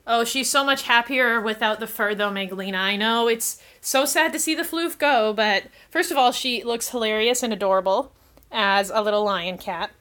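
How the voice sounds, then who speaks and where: A woman hosts a relaxed livestream of her cats, talking to viewers in between. Her voice is bright and sits a little high. She slips into cooing baby talk whenever she speaks to the cats. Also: normal speed. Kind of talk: casual livestream chat with cats.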